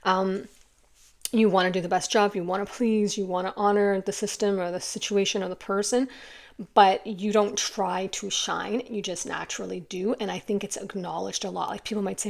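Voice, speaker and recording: Gravelly-voiced woman giving an earnest tarot reading. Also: medium pitch, fairly even intonation, normal speed. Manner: earnest, emotional, rambling with many fillers. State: tearful at times. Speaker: tarot reader. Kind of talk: casual spoken tarot reading.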